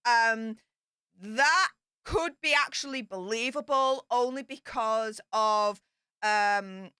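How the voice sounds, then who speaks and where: A woman's voice: a little high, slow pace, pushed and bright, smooth, no echo, clean studio sound. A woman casually commenting on royal news, reading out points and adding chatty, emphatic asides.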